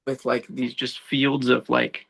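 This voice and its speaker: A man, a law enforcement officer, telling personal stories as a guest in a casual podcast conversation, animated and full of "dude" and "bro.". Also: mid-range voice, a little slow, vocal fry, breathy edge. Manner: animated storytelling, says dude and bro a lot.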